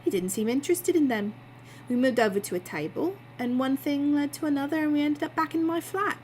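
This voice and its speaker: A woman's voice: high voice, a little fast, darkish tone, a little hiss or hum, voice pushed up, lightly acted. A woman voicing a chatty, cheeky barmaid, telling her story breezily. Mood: breezy.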